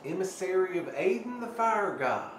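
A man playing a tabletop role-play game, bantering in character and quick to laugh, heard in an echoey room from away from the mic with faint noise. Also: sits high, very animated, recorded from a distance. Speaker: player.

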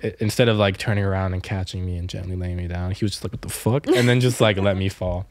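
Low-voiced young man telling stories. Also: fairly even intonation, fast, dry recording. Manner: rambling, many "like" fillers, laughs through stories. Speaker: podcast co-host. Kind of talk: casual storytelling chat.

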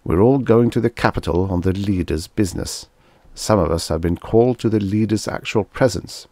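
A man's voice: low-pitched, moderate pace, creaky, darkish tone, no room sound. A man reading the part of a blustering, zealous male passenger who talks in a snappish, contemptuous way. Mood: scornful.

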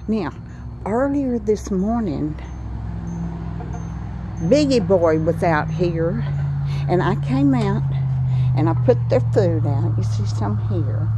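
An older woman chatting slowly and homely in a casual vlog, outdoors by her cottage patio. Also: mid-range voice, expressive, background noise. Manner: slow, homey Southern talk, says "y'all". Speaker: vlogger.

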